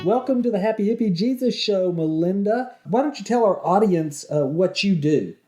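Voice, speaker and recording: Man, Arkansas Southern accent, mellow warm tone, joking podcast co-host. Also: high voice, lively intonation, normal speed, soft background music. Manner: joking, teasing interviewer. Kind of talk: casual podcast banter.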